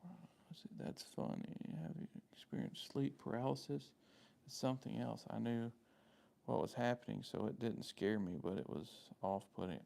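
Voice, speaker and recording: A man's voice: mid-range voice, moderate pace, vocal fry, dark tone. A man with a Southern US accent hosting a casual live stream, rambling in a friendly way as he answers viewers' comments by name. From Southern United States.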